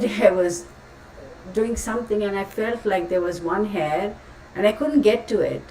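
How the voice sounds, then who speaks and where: A woman hosting a tarot live stream, chatting casually and rambling with frequent exclamations. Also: lowish voice. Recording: roomy, distant mic, faint background noise.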